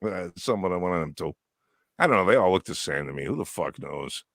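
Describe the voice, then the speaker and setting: A man's voice: deep voice, animated, brisk, a bit bright, no room sound, studio quality. A man co-hosting a casual livestream chat, joking and crude in a laid-back way.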